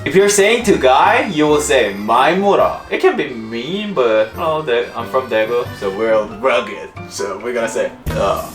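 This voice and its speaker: A man's voice: mid-range voice, expressive, normal speed, few pauses. A young man with a Korean accent, hosting a casual language lesson and often laughing at himself. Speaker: host. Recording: roomy room with music behind.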